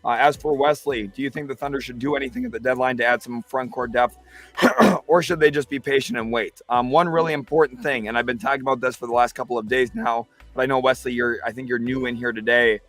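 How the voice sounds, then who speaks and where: A man's voice: mid-range voice, fast, soft background music. A man hosting a live basketball talk stream, reading viewer comments and breaking down trades. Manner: excitable, reads chat comments aloud. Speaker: livestream host.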